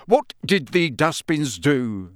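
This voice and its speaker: A man's voice: on the high side, sing-song, slow pace, no echo, studio quality. A man voicing a busy, earnest middle-aged wizard father who talks in a hurry. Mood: hurried.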